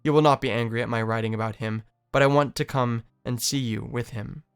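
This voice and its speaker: A man's voice: mid-range voice, steady tone, brisk, creaky, clear, resonant tone, close to an everyday voice. A man reading a remorseful young woman's pleading letter with a heartfelt delivery. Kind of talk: dramatic reading of a novel.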